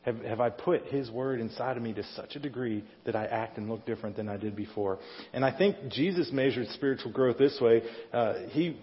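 A middle-aged male pastor speaks a little fast in a medium-pitched voice, giving a conversational sermon and regularly questioning the congregation. The church sanctuary recording has a dull sound within a reverberant hall.

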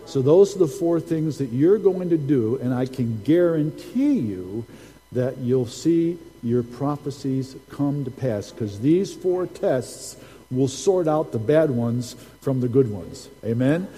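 Man preaching in a dark, echoing hall. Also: medium pitch, expressive, slow pace, breathy edge. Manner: storytelling, repeats key phrases for emphasis. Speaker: prophet preaching. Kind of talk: sermon.

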